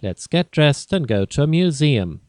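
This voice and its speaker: A man voicing a young woman traveller who is easily annoyed, in a clear, slightly raised reading voice. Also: a little high, big pitch swings, unhurried, darkish tone, dry recording, studio quality.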